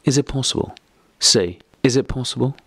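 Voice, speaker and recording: A man with a low, gravelly voice reading the lines of a bitter, distraught wife in an audiobook. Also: fast talker, no echo. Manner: sharp, accusing outbursts.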